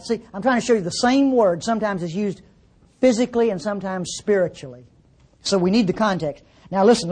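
A woman's voice: mid-range voice, warm tone. A woman preaching a sermon in a conversational, teasing way, full of rhetorical questions.

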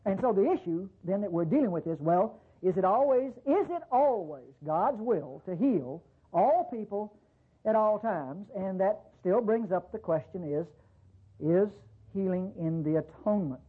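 A man's voice: high-pitched, animated, a little slow, breathy edge. A man preaching a sermon in a folksy way, with rhetorical questions and frequent restarts. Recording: tinny phone-like recording.

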